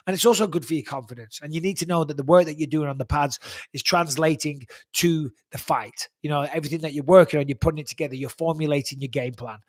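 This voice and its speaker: A man's voice: on the high side, dry recording. Blunt, swearing man. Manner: blunt, profane, animated storytelling. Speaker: host answering viewer questions. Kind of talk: live Q&A chat.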